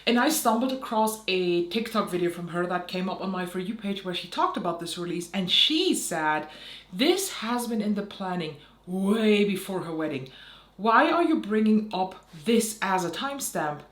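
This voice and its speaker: A woman's voice: medium pitch, animated, moderate pace. A young woman makeup vlogger ranting in a heated, sarcastic way, with frequent swearing. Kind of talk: ranting vlog commentary. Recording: roomy echo.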